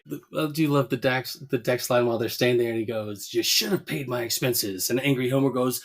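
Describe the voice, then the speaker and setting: A man co-hosting a podcast, casually recapping a cartoon episode, laughing often and jumping into higher voices to quote characters. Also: fairly quick, hardly any pauses. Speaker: podcast co-host.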